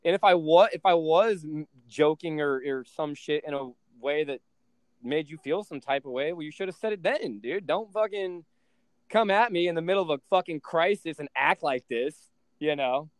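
Profane, animated man, higher voice. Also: normal speed, no echo. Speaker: podcast host and trading coach. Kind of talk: casual podcast chat.

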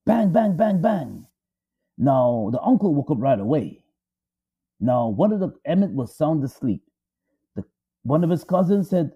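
A man's voice: on the high side, sing-song, normal speed, husky. A man dramatically retelling a story, emphatic and repetitive, building suspense. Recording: dull lo-fi audio.

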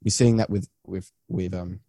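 A man's voice: deep voice, fairly even intonation, moderate pace, creaky, mellow, no echo, studio quality. A young British man chatting enthusiastically as a guest on a podcast, rambling and slangy. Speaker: guest musician. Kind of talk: casual podcast chat.

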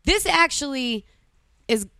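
A woman's voice: high voice, animated, slow pace, creaky, pushed and bright, dry recording. A woman in her thirties from Massachusetts with a Boston accent, telling brash, profane stories in casual podcast chat. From Massachusetts, USA. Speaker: podcast co-host.

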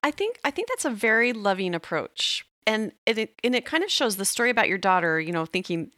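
A woman's voice: medium pitch, big pitch swings, fairly quick, bright, forceful tone, no echo, studio quality. A middle-aged woman hosting a podcast, talking in an affirming, reflective way in a casual interview. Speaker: podcast host.

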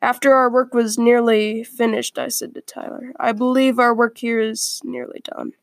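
A woman reads a first-person story aloud in a quiet, earnest way, now and then stumbling over a word. Her voice sits a little high and carries a gravelly fry. The sound is dry and close, with no room echo. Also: flat delivery, normal speed.

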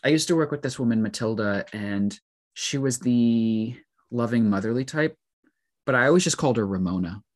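A man's voice: mid-range voice, lively intonation, moderate pace. A man co-hosting a podcast in casual chat, teasing and rambling as he talks. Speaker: podcast co-host.

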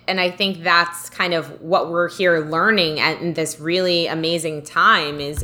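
Bright, encouraging woman podcaster. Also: fairly low pitch. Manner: encouraging, spiritual, restarts often. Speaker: podcast co-host. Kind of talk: casual podcast chat.

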